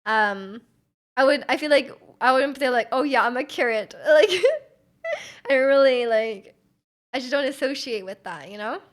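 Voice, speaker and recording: A young woman from Vancouver, Canada, speaks in a high-pitched voice at a measured pace, pausing often. Streaming live, she rambles in casual chat and reads out her chat, giggling and filling her speech with lots of "like."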